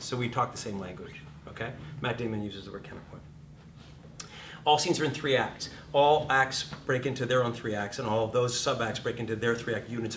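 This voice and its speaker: A man's voice: mid-range voice, a bit bright, roomy sound, a little hiss or hum. A man teaching acting to a live class in a hot room. He is blunt and profane, acts out quotes and sings notes.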